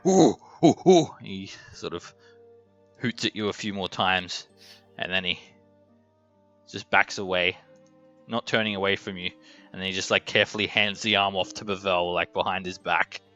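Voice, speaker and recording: A man's voice: low voice, flat delivery, normal speed, pauses often, pushed and bright, highs cut off, faint music behind. A man running a tabletop game as game master, describing scenes with frequent ums.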